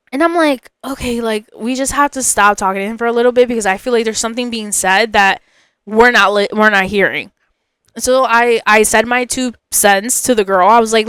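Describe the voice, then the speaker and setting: Young woman, podcast host, high voice, smooth and clear, casual storytelling. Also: brisk, dry recording. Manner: animated, emphatic, lots of fillers.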